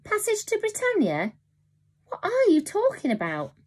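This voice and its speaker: A woman's voice: very high-pitched, wildly swooping pitch, normal speed, darkish tone, voice pushed up, full character voice. A woman voicing a frightened young boy who gasps and protests. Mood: upset. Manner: gasping, pleading.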